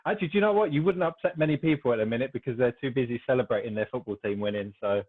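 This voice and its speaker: Guest: British man, rapid easy chat, thin phone-like sound. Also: mid-range voice, husky. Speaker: podcast guest. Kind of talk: casual chat. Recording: tinny phone-like line.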